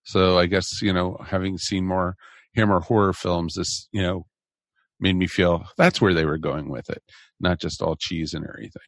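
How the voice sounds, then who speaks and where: Man, podcast host, jokey, low-ish voice, dry recording. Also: steady tone, moderate pace, dry recording. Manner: jokey, leads the rating round. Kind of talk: casual chat.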